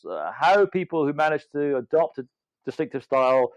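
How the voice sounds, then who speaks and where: Slightly high and animated, this man's voice moves at a moderate pace with no echo. As a guest author and legal scholar in his fifties or beyond, he reflects aloud in conversation, pausing and restarting frequently, and the sound is dry, dull and low-fidelity.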